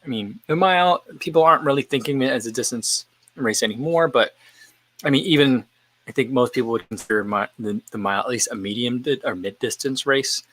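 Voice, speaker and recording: A man's voice: mid-range voice, brisk, a bit bright, no room sound, low-quality recording. A man hosting a casual live-stream chat while eating, thinking aloud as he answers viewer questions. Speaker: running channel host.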